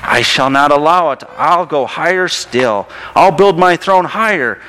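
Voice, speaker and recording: A man's voice: on the high side, animated, unhurried, sharp tone, a little hiss or hum, low-quality recording. A man putting on a pompous bellowing turtle king. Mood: indignant. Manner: barking, bellowing commands. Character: boastful turtle king, male, pompous tyrant. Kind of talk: storybook reading aloud.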